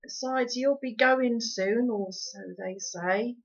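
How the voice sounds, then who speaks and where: A woman voicing a tired, blunt little borrower father who speaks flatly in rough country grammar, in a storybook reading. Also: a little high, takes it slowly, voice pushed up. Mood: weary blunt. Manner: flat, weary, blunt rustic grammar. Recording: dull lo-fi recording.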